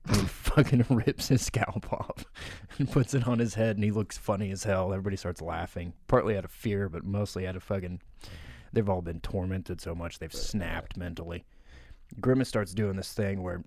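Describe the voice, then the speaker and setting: Young male co-host, very low voice, laid-back deadpan delivery, dry close mic. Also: normal speed, dry recording. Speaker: podcast co-host. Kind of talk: improvised comedic storytelling.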